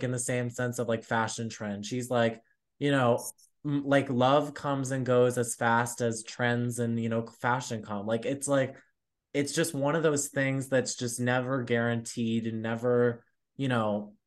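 Rambling young man, chatty co-host. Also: medium pitch. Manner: rambling, heavy filler words, animated. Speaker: podcast co-host. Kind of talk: casual chat.

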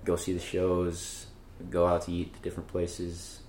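Low flat-voiced guy giving tips, echoey room. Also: measured pace, slight background noise. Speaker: student traveler. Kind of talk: casual interview advice.

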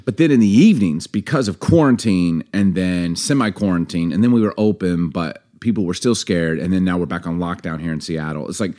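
A man's voice: deep voice, brisk, few pauses. A man in his thirties co-hosting a podcast, chatting casually and easily, with a lot of fillers. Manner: relaxed, chatty, many fillers. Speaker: podcast co-host. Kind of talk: casual chat.

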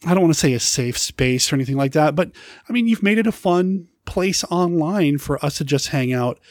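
A man's voice: a little high, animated, brisk, no echo, clean studio sound. A man hosting a podcast, thanking his listeners in a friendly, rambling way. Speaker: podcast host. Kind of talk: casual podcast intro.

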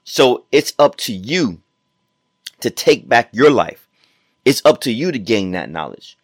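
A man's voice: medium pitch, big pitch swings, a little slow, dry recording, clean studio sound. A man hosting his own podcast as a personal trainer, giving an emphatic, repetitive motivational talk full of rhetorical questions.

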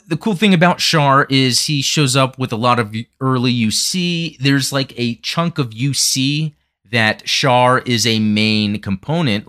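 A man hosting a live chat show, talking fast and rambling with lots of fillers and restarts. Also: medium pitch, fairly bright tone, no room sound, clean studio sound. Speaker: podcast host. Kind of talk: casual chat.

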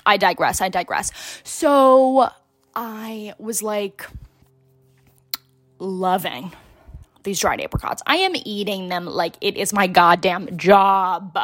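A woman's voice: mid-range voice, slow, long pauses, no echo. A young woman from Connecticut telling a funny story in a casual, dramatic way, full of filler words and swearing. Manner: animated, dramatic, heavy use of filler words; swears freely.

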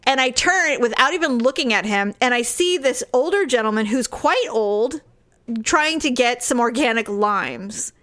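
A woman co-hosting a casual chat, with a somewhat high voice. She tells stories in an animated, self-deprecating way and lifts her voice further when she quotes people. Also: normal speed.

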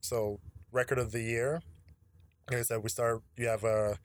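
A man's voice: medium pitch, level tone, moderate pace. A man hosting a casual podcast, talking in a laid-back, slangy, profane way. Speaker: podcast host.

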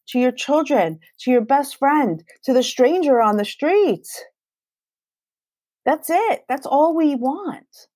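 A woman's voice: high voice, a little mellow, no echo, clean studio sound. A woman in her forties, a guest on an interview, speaking earnestly and emphatically about parenting and love, often acting out her own past conversations. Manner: earnest and emphatic, quoting herself in dialogue.

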